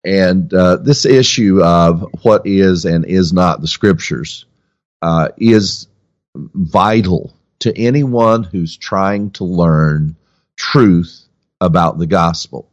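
A man co-hosting a podcast in a relaxed, easygoing way, often hesitating with fillers. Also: low voice, slow, no room sound, lo-fi sound. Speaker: podcast co-host and teacher. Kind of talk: casual podcast chat.

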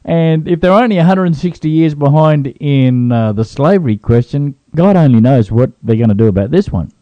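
A playful Australian co-host with a lively, mellow voice. The sound is dry and dull, like lo-fi radio. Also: male voice, a little high, a little fast, dry recording. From Queensland, Australia. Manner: teasing, playful. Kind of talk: casual radio chat.

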